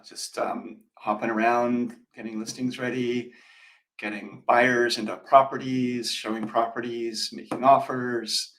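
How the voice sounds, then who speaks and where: Male real estate co-host, mid-pitched, conversational and rambling. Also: a bit bright, rough recording. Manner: conversational, rambling with fillers and restarts. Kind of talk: casual chat.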